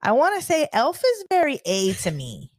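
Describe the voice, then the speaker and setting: A woman co-hosting a casual livestream chat, animated, swearing freely and laughing often. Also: high-pitched, moderate pace, dry recording, clean studio sound. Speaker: co-host.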